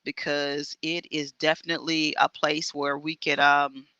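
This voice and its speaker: A woman's voice: low-pitched, level tone, bright, forceful tone, smooth, dry recording, highs cut off. A middle-aged woman talking earnestly on an online radio show over a video call, with frequent restarts. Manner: earnest and halting, many restarts.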